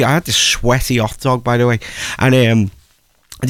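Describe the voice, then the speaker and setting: A middle-aged man, a radio host telling a rambling story, jumping into high voices for the people he quotes. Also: little pitch movement, moderate pace, pauses often, fairly bright tone, no echo, clean studio sound. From North West England.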